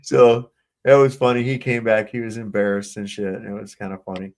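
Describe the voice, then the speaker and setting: A man's voice: lowish voice, flat delivery, brisk. Profane, rambling male storyteller. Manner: rambling, profane, frequent restarts. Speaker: military veteran telling stories on a panel. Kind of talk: casual storytelling chat.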